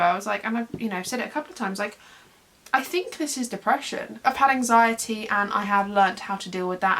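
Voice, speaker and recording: A woman's voice: medium pitch, a bit bright. Chatty young woman vlogger. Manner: chatty, rambling, self-deprecating, lots of fillers. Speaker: beauty vlogger. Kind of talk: casual get-ready-with-me chat.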